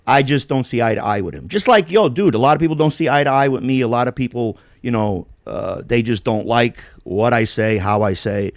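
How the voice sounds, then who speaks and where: A blunt podcast host rambles through his opinions, swearing freely and shrugging things off. His voice moves around a lot in pitch. The sound is dry and close. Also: expressive, brisk, hardly any pauses, no echo. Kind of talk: casual podcast chat.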